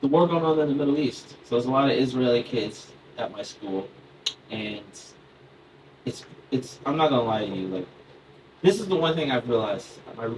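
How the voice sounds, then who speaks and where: Stand-up comic, man in his thirties, lively and chatty; distant mic, club noise. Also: medium pitch. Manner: loose, chatty, laughs into his lines, talks with the crowd. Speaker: stand-up comedian. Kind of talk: stand-up comedy set. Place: comedy club stage.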